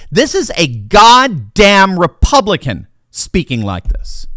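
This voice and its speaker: A man's voice: sits high, a bit bright, no room sound, studio quality. A middle-aged man giving an impassioned, sarcastic political commentary monologue.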